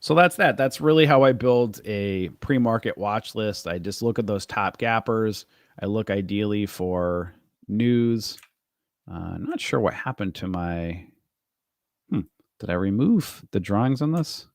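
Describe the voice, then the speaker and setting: A man's voice: lowish voice, animated, a little slow, dry recording, clean studio sound. A man hosting a live day trading stream, explaining his charts casually with loose, rambling asides and fillers to his viewers.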